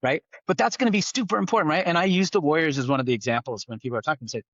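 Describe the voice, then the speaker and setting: A man's voice: on the high side, racing, a bit bright, dry recording. Podcast guest, man from the East Bay, rambly with "right?" tags, dry dull audio. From East Bay, California. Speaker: tech founder guest. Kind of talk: casual podcast conversation.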